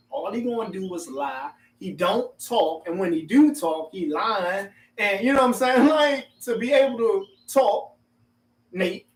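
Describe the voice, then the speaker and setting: A man with a high, light voice leads a casual group conversation, laughing easily and pressing his points with emphasis. He sits back from the microphone, so the room rings around him. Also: recorded from a distance. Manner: laughs often, animated and emphatic. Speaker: discussion host. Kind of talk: group discussion. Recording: roomy sound from off-mic.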